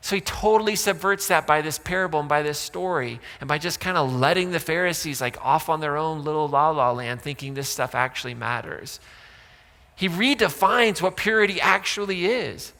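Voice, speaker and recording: A man's voice: fairly high pitch, normal speed, sharp tone, long reverb tail. A man pastor giving a sermon in a casual, joking way, with asides to the congregation. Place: church sanctuary.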